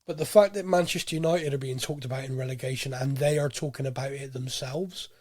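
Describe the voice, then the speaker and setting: A man co-hosting a casual football fan podcast, talking in an animated, rambling way with frequent restarts. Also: mid-range voice, fairly quick, breathy edge, dry recording, studio quality. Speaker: podcast co-host.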